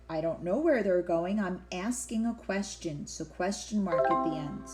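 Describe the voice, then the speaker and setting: A woman's voice: on the low side, animated, normal speed, few pauses, a little mellow, soft background music. A woman teacher giving an online classroom lesson, patiently explaining and asking then answering her own questions.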